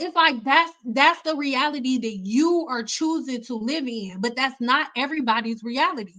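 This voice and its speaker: A young woman from Detroit rambles through personal stories on a casual livestream. Her voice is bright and slightly high, and she leaps up in pitch whenever she mimics someone. She talks in quick, looping, animated bursts. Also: low-quality recording. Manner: animated, chatty, acts out quoted people with big pitch jumps. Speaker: hair care livestream host.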